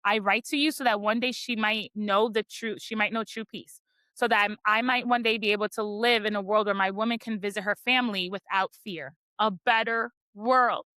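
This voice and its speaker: A woman hosting a book podcast, retelling chapters in a casual, animated way and reading quotes aloud dramatically. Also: medium pitch, normal speed, no echo. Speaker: podcast host. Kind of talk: casual book-club recap.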